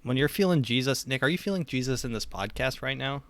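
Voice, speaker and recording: A man's voice: medium pitch, animated, quick pace. A young man co-hosting a podcast, joking through casual banter and laughing often. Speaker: podcast co-host.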